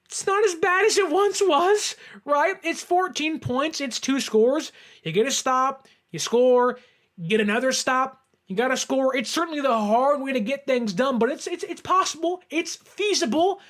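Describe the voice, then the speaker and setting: A man hosting a sports show, giving excitable, emphatic fan reaction commentary straight to viewers. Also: very high voice, normal speed.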